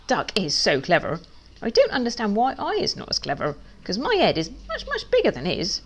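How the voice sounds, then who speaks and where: A woman's voice: medium pitch, fairly quick. Woman reading a children's story aloud. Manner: lively, playful read-aloud. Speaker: children's author.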